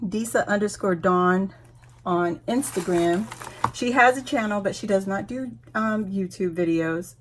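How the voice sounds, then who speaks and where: A woman in her forties from Guam, hosting a casual unboxing vlog at home, gushing, laughing often and close to tears with excitement. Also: medium pitch, a little hiss or hum. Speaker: YouTube host.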